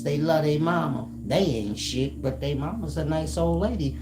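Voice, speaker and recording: A man telling comic stories to his chat in a slangy, animated way, laughing often and slipping into quoted voices. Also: fairly high pitch, normal speed, few pauses. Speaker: streamer talking to his chat. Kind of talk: casual comic storytelling. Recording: roomy sound with music behind.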